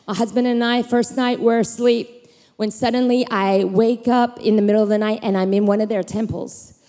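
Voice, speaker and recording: A woman preacher in her thirties telling personal stories in an animated sermon, acting out voices and leaping in pitch. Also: moderate pace. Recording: long hall reverb.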